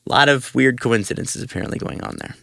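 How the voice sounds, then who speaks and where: A man's voice: mid-range voice, fast, gravelly, bright, forceful tone, no room sound, clean studio sound. A man co-hosting a casual sports podcast, reading news items and joking loosely. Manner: reads news items then jokes loosely. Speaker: podcast co-host.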